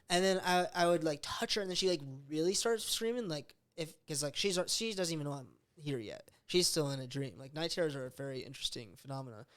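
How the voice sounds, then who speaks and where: A man's voice: on the high side, brisk. A man telling a story in casual chat, swearing often and acting out voices in his quotes. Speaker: podcast host.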